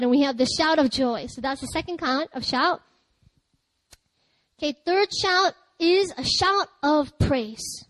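A woman pastor giving a lively, chatty sermon, breaking into laughter and loud cries. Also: sits high, no echo, low-quality recording.

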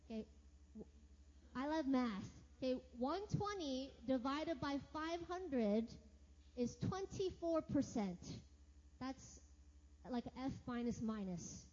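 High-voiced, chatty woman Bible teacher. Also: warm tone. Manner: chatty, upbeat, says okay often. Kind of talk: casual Bible teaching with scripture reading. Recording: lo-fi audio with long reverb.

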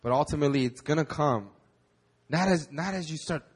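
Pastor, male, sermon delivery, animated, slightly high-pitched, repeats words when stressing. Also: a little fast, breathy edge. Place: church service.

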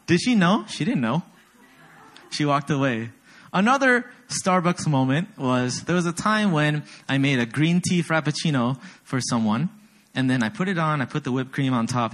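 Animated young man preaching with lively pitch. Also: unhurried, long pauses. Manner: animated storyteller, self-deprecating, asks the audience often. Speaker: pastor. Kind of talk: sermon.

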